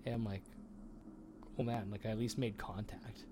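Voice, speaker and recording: A man's voice: on the low side, fairly even intonation, normal speed, noisy background. A man co-hosting a podcast, telling a long story in casual chat, rambling with lots of fillers and swearing. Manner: rambling, filler-heavy, profane. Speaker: podcast co-host.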